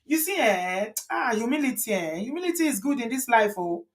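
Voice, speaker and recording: A woman's voice: on the high side, big pitch swings, fairly quick. A woman hosting a show, commenting indignantly on a video and repeating phrases for emphasis. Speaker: host reacting to a viral video. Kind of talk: casual commentary.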